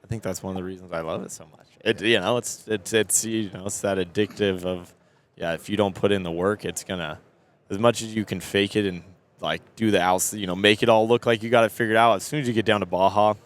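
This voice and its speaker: A low-pitched man talking earnestly as a podcast guest, his voice sitting deep. He often starts sentences over as he works out his thoughts. It is casual interview talk recorded at a trade show. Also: steady tone, fast. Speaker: off-road racer guest.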